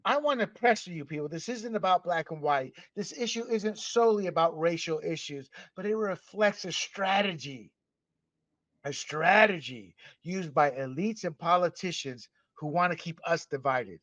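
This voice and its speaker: A man from Panama hosting a podcast, delivering an impassioned, emphatic opinion monologue that swings between loud and soft. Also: a little high, moderate pace, no room sound. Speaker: podcast host. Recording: dull, slightly muffled dry recording.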